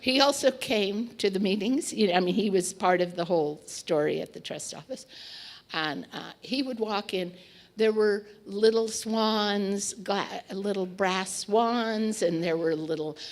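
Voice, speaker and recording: A woman with a mid-range voice and measured pace recalls a memory in a casual, chatty anecdote. She uses fillers and restarts and acts out the quoted lines.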